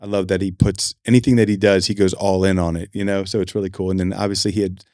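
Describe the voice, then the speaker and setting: A man hosting a podcast in a studio, chatting casually and telling stories with lively acted-out quotes. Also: deep voice, quick pace, dry recording. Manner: animated storyteller, acts out quotes. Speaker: podcast host. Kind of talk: casual chat.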